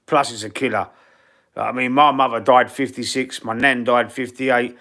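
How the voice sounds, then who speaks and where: A Cockney fan channel live streamer from East London answers viewer questions, his breathing husky and wheezy throughout. His voice sits at an ordinary middle pitch for a man, steady, bright and forceful at a normal speed. He's blunt, slangy and chatty, calling viewers bro and mate.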